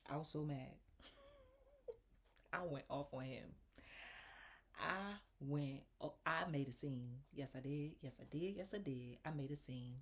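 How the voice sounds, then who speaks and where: A woman's voice: deep voice, slightly rough. A young adult woman, telling a story in a casual vlog and acting out the quotes with lots of laughter. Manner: animated, laughs often, acts out quotes. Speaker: vlogger.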